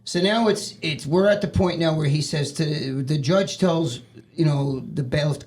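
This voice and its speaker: Profane, animated man telling a story. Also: a little high, measured pace. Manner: profane, animated, acts out other people's lines. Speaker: podcast guest. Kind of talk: casual storytelling.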